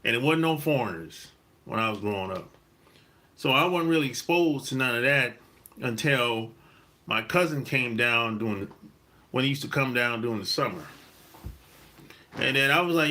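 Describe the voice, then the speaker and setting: A man from South Carolina, hosting a podcast and telling a story in a blunt, emphatic monologue with cursing and drawn-out stresses. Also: medium pitch, expressive, sharp tone. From South Carolina, USA. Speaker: podcast host. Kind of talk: casual monologue.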